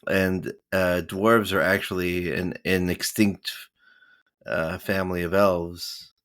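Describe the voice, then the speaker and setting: A man's voice: low voice, flat delivery, slow, a bit bright. A man co-hosting a podcast in casual chat, hesitant and searching for words. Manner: hesitant, many fillers. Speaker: podcast co-host.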